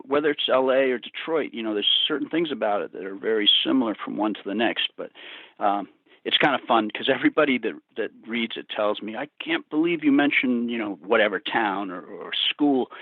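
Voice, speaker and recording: A man who is a rock singer and author, telling stories in a relaxed, rambling way during a remote interview. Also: mid-range voice, dry recording. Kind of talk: remote interview over a call. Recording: thin phone-like line.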